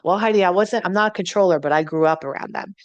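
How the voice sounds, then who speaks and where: A woman's voice: on the low side, fast talker, no room sound, lo-fi sound, natural voice. A woman doing a weary grown child of a controlling mom. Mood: aggrieved. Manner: complaining, listing grievances.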